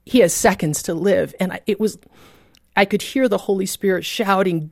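A woman tells a personal story as an earnest testimony, her voice sitting at an ordinary middle pitch. The sound is dry and close, with no room around it. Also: moderate pace, vocal fry, no room sound. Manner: earnest storytelling with vivid reenacted shouts. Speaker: guest telling a personal story. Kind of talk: emotional testimony.

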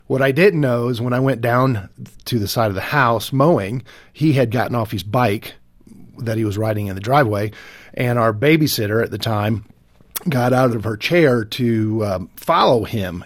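A man in a radio interview recounting his story haltingly and somberly, with frequent fillers. His pitch sits in the middle and the sound is dry and close. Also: dry recording. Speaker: guest, father. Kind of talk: personal testimony in an interview.

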